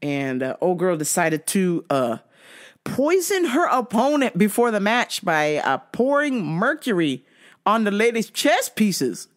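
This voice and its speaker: Comedy podcast host: man, unhurried, swinging pitch, swears a lot, cracks himself up. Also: very animated. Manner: profane, laughing often, storytelling. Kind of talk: casual comedic monologue.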